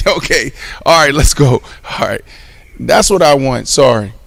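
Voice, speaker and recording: Male sports show host, mid-pitch voice, casual slang, playful loud rants. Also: unhurried, creaky. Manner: animated, loud rant with mock outrage; casual slang, talks to the live chat.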